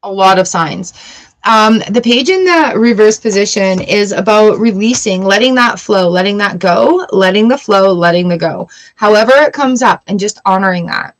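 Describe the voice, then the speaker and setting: A woman's voice: mid-range voice, normal speed. A woman giving a casual live-stream tarot reading, chatty and blunt and swearing freely. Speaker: tarot reader.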